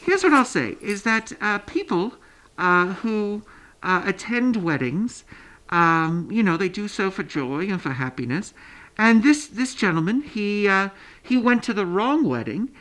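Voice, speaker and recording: A woman playing a prim guest with a British-sounding accent, deadpan and matter-of-fact even when outrageous. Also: mid-range voice, a little slow, low-quality recording. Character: prim guest who insists she has no accent. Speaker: recurring guest.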